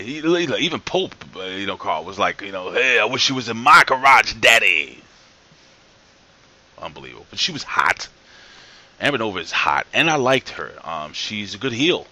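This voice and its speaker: A man's voice: lowish voice, big pitch swings, a little fast, bright, forceful tone. A man giving a casual, rambling wrestling show recap, joking, swearing and ribbing someone off camera, tired from working late at night. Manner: jokey, rambling, swears, asks off-camera crew.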